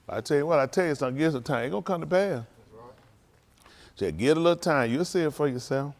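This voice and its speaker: A man's voice: on the high side, lively intonation, fast talker, a little mellow. A man, a preacher bantering and joking with his congregation in a casual, folksy way. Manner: folksy, joking, calls out to the crowd.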